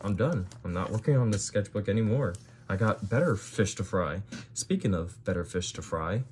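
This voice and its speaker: A man's voice: fairly low pitch, expressive, normal speed, background noise. A young man leafing through an old sketchbook and commenting casually for his video, with bewildered reactions and fillers as he goes. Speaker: video creator.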